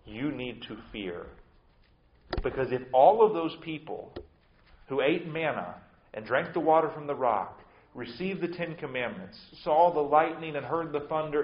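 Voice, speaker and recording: A male pastor preaching with force, swinging from hushed lines to loud ones and repeating words as he restarts. His voice carries a roomy echo, and the sound is slightly dull. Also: mid-range voice, slight background noise. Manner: emphatic preaching with sudden swings between loud and soft. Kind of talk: sermon.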